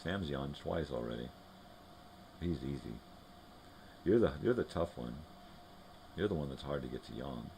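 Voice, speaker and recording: A man's voice: rumbling low, expressive, moderate pace, creaky, pauses often, dark tone, a little hiss or hum. A man hosting a live morning show from home, chatting loosely and rambling, turning now and then to talk to his dogs. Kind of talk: casual rambling chat.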